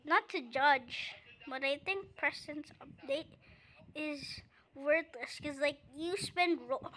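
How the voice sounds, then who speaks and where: A young woman chatting to viewers while playing a pet-collecting game, breaking into excited yells. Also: sits high, slow. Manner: chatty, bursts into excited screaming; addresses viewers as guys. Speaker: gaming video creator. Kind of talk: casual gameplay commentary.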